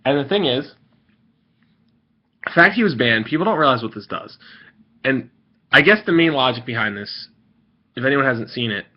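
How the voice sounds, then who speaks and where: Vlogger, male, mid-pitched, rambling and irritated, fillers and restarts throughout, muffled lo-fi home recording. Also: animated, normal speed, pauses often. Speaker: video host ranting to viewers. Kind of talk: casual vlog rant. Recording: dull lo-fi recording.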